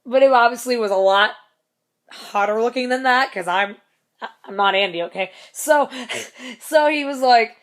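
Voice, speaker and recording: A woman's voice: on the high side, normal speed, a bit bright. A young woman recounting a night at a show in a casual vlog. She talks in a loose, rambling way, swears often and laughs through the funny parts. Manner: chatty, swears a lot, laughs often, acts out quotes. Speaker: concert fan telling a story.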